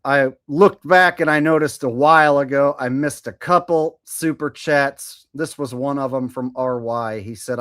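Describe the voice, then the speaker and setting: A man's voice: mid-range voice, a little slow, hardly any pauses, fairly bright tone. A man in his forties hosting a live stream in casual chat, reading out viewer messages. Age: 40s. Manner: chatty, reads viewer messages aloud. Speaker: streamer host.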